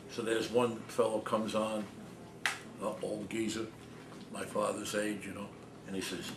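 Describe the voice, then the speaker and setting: An older man telling anecdotes to an audience in a small cafe, animated and often laughing, mimicking other people's voices. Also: lowish voice, moderate pace. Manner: animated, laughing storyteller, mimics his father's voice. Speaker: author giving a talk. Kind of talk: anecdotal storytelling talk. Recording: roomy, distant mic, noisy.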